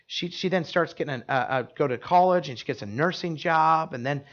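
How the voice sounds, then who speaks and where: A man's voice: on the high side, brisk, fairly bright tone, muffled recording. A man preaching a sermon, telling stories in an earnest, emphatic way with frequent restarts. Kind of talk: sermon storytelling.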